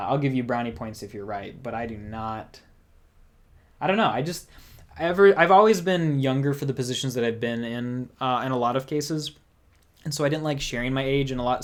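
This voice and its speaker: A young man hosts a casual livestream, talking in a loose, rambling way with a voice of ordinary middle pitch. He keeps the chat going and reads out viewers' comments as he goes. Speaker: music channel host.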